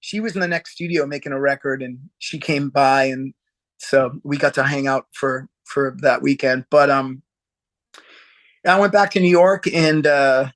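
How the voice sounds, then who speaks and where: A man, a musician guest, telling a story in a casual interview, rambling and halting with laughs and acted-out quotes. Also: mid-range voice, fairly even intonation, fairly bright tone.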